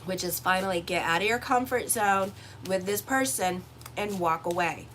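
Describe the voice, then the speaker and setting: A woman's voice: lowish voice, normal speed, a bit bright, a little hiss or hum. A woman astrologer giving a casual, blunt horoscope reading with swearing and rambling digressions. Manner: chatty, blunt, swears freely, digresses into stories. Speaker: astrologer and tarot reader.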